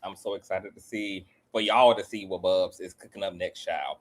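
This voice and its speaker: A man hosting a casual panel chat on a video call, sassy and animated, with his voice leaping up when he gets excited. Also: low voice, moderate pace. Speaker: host.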